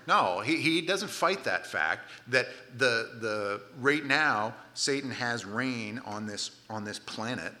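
A man preaching a sermon in a conversational way, often restarting and repeating words, and growing loud and emphatic at his high points. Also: normal speed. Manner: grows loud and emphatic at climaxes. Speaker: pastor.

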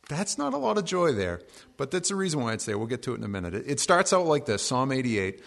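A man preaching a relaxed sermon as pastor, cracking jokes between slow readings of scripture. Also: mid-range voice, gravelly. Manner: conversational and joking, reading scripture slowly.

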